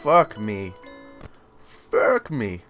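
A young man giving let's play commentary on a horror game, yelling, swearing and panicking in fright. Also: lowish voice, big pitch swings, drawn-out words, soft background music. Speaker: gamer.

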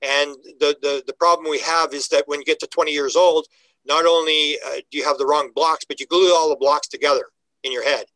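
An older man with a fairly high voice tells his story in a folksy, emphatic way, stumbling over and repeating words as he gets going. He sounds close to the mic in a dry room with no echo. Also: steady tone, fairly quick, pushed and bright. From Canada. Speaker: guest, UFO researcher. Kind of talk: casual interview talk.

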